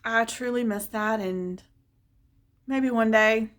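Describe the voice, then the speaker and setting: A woman telling a personal family story in a casual vlog, conversational and expressive, turning wistful as she reflects. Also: on the high side, slow pace.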